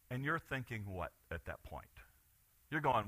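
A man preaching a sermon as pastor, animated, swinging from loud bursts to quiet asides. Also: mid-range voice, a little slow, no room sound.

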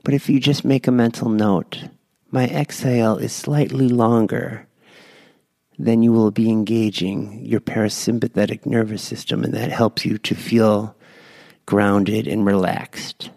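A man guiding listeners through a slow, gentle breath prayer. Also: fairly low pitch, little pitch movement, gravelly, no room sound. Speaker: prayer leader.

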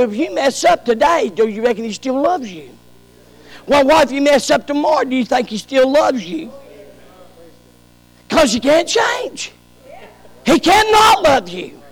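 A man preaching a sermon as pastor, rising to shouted peaks and dropping to soft, low passages. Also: in a large hall, low-quality recording.

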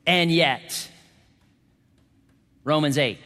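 A male pastor delivering a dynamic sermon, moving between hushed, quiet passages and loud, emphatic exclamations. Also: a little high, extremely slow. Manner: dynamic preaching, swings from hushed to shouting. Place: church sanctuary. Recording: hall reverb.

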